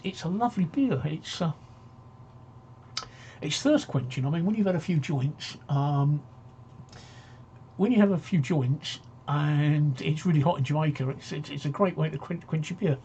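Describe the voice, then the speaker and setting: A man's voice: on the high side, a little mellow, slight background noise. A man hosting a casual live-stream talk show, rambling and joking as he reads out viewer comments.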